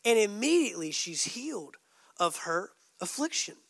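A male pastor preaching a sermon, emphatic, dropping suddenly soft and adding joking asides to the congregation. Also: high voice, big pitch swings, normal speed, creaky, no echo, studio quality.

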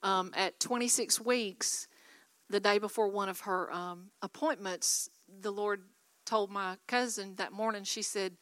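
A woman's voice: mid-range voice, steady tone, measured pace, a bit bright, no echo. Exhorting woman preacher, dry close sound. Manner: exhorting, call-and-response with audience. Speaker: guest speaker. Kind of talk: sermon.

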